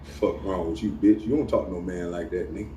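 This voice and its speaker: In a low, dark voice that moves a little fast, a middle-aged vlogger delivers a confrontational, profane rant to camera, laughing at his own taunts. He's off-mic in an echoey room, with faint ambience and slight background noise.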